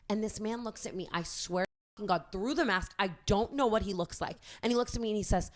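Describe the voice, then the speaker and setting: A young woman telling a story on a podcast, chatty and animated, full of likes and restarts. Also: medium pitch, brisk. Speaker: podcast host.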